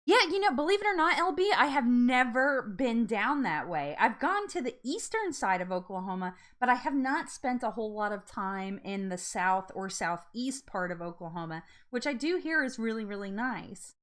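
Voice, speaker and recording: Woman, live-stream host, fairly high and very lively voice, bubbly and giggly. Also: moderate pace, hardly any pauses. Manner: bubbly and chatty, laughs often, reacts loudly to comments. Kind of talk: casual live-stream chat reading comments.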